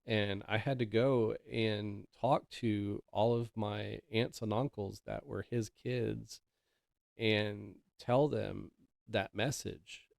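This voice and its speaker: A male podcast host tells a story in a loose, rambling way, full of ums and restarts. His voice sits low with a gravelly edge. The sound is dry and close, with no room around it. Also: steady tone, takes it slowly, darkish tone, no echo. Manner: rambling, filler-heavy, conversational. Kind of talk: casual storytelling.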